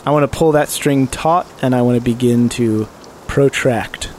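A man's voice: mid-range voice, moderate pace, darkish tone, slight background noise, poor audio. A man playing a tabletop game, explaining his plans at length in casual chat and laughing often. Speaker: player.

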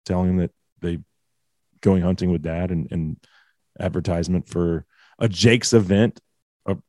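A man's voice: deep voice, steady tone, normal speed, warm tone, no echo, clean studio sound. A man in his forties ranting bluntly and with strong opinions in casual podcast chat. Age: 40s.

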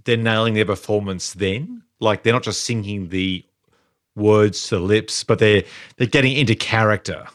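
A man's voice: lowish voice, normal speed, fairly bright tone, no room sound, studio quality. A man hosting a casual podcast chat, leading segments and reading out trivia. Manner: leads segments, reads trivia aloud. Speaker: podcast host.

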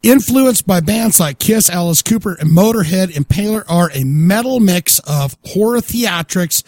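A man co-hosting a rock and horror podcast, talking in an excitable, crude, joking way and often stammering and restarting. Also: sits high, moderate pace, no echo. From Utah. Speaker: podcast co-host. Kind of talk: casual chat.

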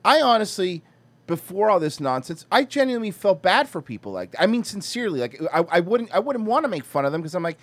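An American man co-hosting a podcast, crude and animated. His voice sits high and swoops widely. The sound is dry and close. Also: fast, dry recording. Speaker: podcast co-host. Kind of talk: casual chat.

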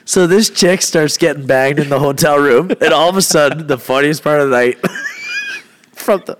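A man's voice: fairly high pitch, wildly swooping pitch, normal speed, a little hiss or hum. A man who is a fighter, guesting on a podcast and telling a rowdy, profane story in a casual way, laughing often.

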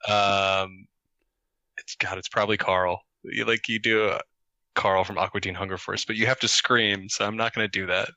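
A man chatting as a show guest, halting and stop-start with lots of fillers. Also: lowish voice, little pitch movement, bright, forceful tone, dry recording, highs cut off. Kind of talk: casual chat.

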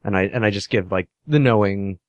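A man describes his actions in a tabletop game, hesitating often. His voice sits low. The sound is dry and close. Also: brisk, no echo, lo-fi sound. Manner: hesitant, many fillers. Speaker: player. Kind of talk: casual tabletop game play.

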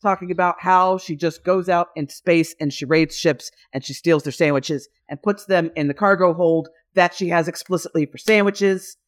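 A woman co-hosting a casual podcast chat, enthusiastic and rambling, quick to agree. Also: on the low side. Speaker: podcast co-host.

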